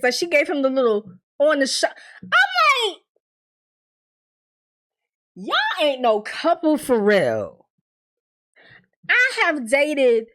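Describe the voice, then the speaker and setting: A young adult woman giving a casual, profane TV recap, bluntly acting out the characters' lines as she tells the story. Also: high voice. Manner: blunt, profane, animated storytelling with quoted dialogue. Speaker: TV recap host.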